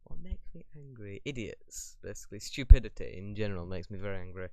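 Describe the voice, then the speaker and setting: A man's voice: lowish voice, animated, fast, gravelly, darkish tone, dry recording. A young man in a casual question-and-answer vlog, talking bluntly in a rambling, opinionated way. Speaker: YouTuber.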